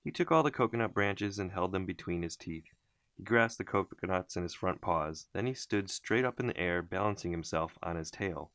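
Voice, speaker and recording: A man reads a children's story aloud with a deep, low voice and expressive pacing. The recording is close and dry, with no room echo. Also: moderate pace. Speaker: storybook reader. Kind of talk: reading a children's book aloud.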